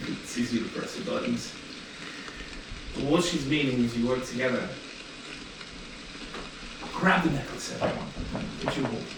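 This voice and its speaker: A man voicing a female guild captain and older sister, gently teasing and coaxing the recruits in a tabletop game. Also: medium pitch, natural voice. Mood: instructive. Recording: echoey room, distant mic, noisy.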